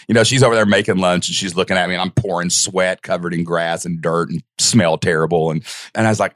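A man with a fairly low voice tells his story as a podcast guest, with excited, animated delivery that leaps high whenever he acts out a moment. The sound is close and dry, with no room around it. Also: dry recording. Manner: excited, fast storytelling with jumps in pitch.

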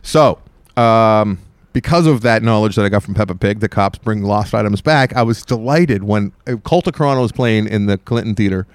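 A man telling a long story in casual podcast chat, animated and rambling. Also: fairly low pitch, moderate pace, no echo. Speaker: podcast host.

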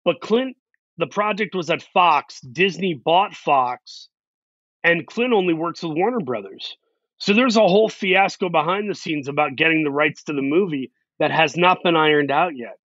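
A male actor being interviewed, telling a story in an animated way and acting out the quotes. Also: fairly high pitch, no room sound. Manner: animated, acts out quotes in quick voices. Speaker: actor guest. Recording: dull lo-fi sound.

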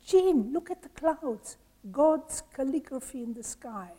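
A woman voicing a gentle, wonder-filled old Frenchman, speaking softly and marveling at things. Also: sits high, unhurried.

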